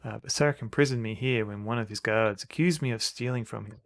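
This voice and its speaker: A man reading a soft-spoken flirtatious maiden. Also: on the low side, fast talker, gravelly, dry recording. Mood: flirty. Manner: reads game dialogue in a soft, quiet voice.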